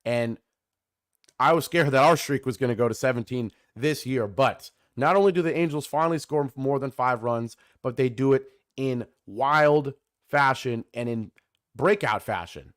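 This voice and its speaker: A man in his twenties hosting a solo sports podcast, energetic and chatty, calling his listeners folks and often restarting or correcting himself mid-sentence. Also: medium pitch, normal speed, no room sound, studio quality. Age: 20s.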